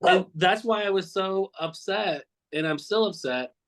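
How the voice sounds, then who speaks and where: A man's voice: high voice, unhurried, a bit bright, rough recording. A man recounting memories of a friend in a casual, heartfelt interview, rambling and swearing now and then. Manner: earnest, repeats himself often. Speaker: cartoonist guest.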